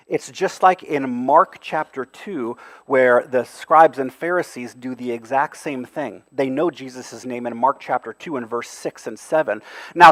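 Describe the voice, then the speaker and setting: A fairly high-pitched man preaches a sermon with big dynamic swings, jumping up into loud, mocking voices and then dropping to hushed, almost whispered lines. The sound is dry and close, with little room around it. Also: no echo. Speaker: pastor.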